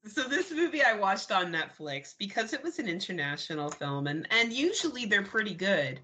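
A woman's voice: medium pitch, very animated, moderate pace, pushed and bright. A woman co-hosting a podcast, chatty and giggly as she talks about movies. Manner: giggly, chatty, laughs a lot. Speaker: podcast co-host. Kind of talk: casual movie review chat.

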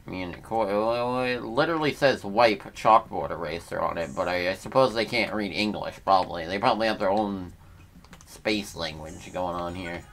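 A man's voice: deep voice, moderate pace, a bit bright, a little hiss or hum. A man hosting a let's play, giving casual, slangy gameplay commentary as he thinks aloud.

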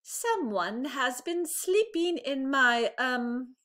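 A big, grumpy papa bear from a storybook growls out his complaints, as a woman puts him on. His voice stays fairly high and bright, and he speaks slowly and loudly. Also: lively intonation, heavily acted. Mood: grumbling.

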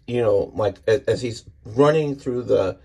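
A man with a husky, somewhat breathy voice in a middle register talks through a comic book page by page. He is eager and rambling, and he often trips over his words and starts his sentences again. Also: medium pitch, a little slow, a little mellow. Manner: enthusiastic, rambling with restarts. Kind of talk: casual comic book walkthrough.

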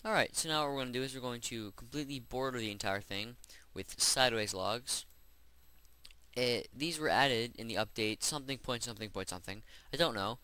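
A man's voice: medium pitch, a little fast, sharp tone, clear, resonant tone, dry recording. A man hosting a game-building tutorial, chatting casually and rambling as he works through each step. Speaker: Minecraft tutorial host. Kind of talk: gameplay voice-over tutorial.

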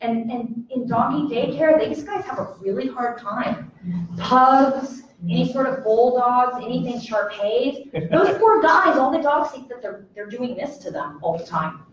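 A woman dog trainer lecturing a live audience, lively and acting out voices of dogs and people. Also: a little high, unhurried, a little hiss or hum. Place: presentation room with audience. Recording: echoey room, mic from far off, dull sound.

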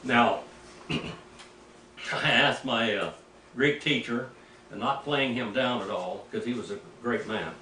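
An older man, a preacher, teaching Greek in a rambling, anecdotal way, clearing his throat now and then. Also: mid-range voice, slow, long pauses, sharp tone. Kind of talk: informal teaching sermon. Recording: echoey room, mic at a distance, faint background noise.

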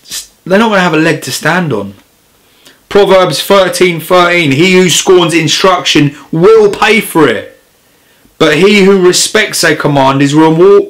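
A man's voice: fairly high pitch, fairly bright tone. A man preaching an informal sermon, reading scripture and speaking earnestly and with growing passion. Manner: earnest, grows impassioned and emphatic.

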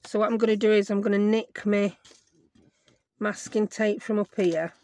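A woman hosting a crafting tutorial, her voice croaky, chatting and thinking aloud as she works at her craft desk at home. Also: medium pitch, fairly even intonation, moderate pace, darkish tone. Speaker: craft video host.

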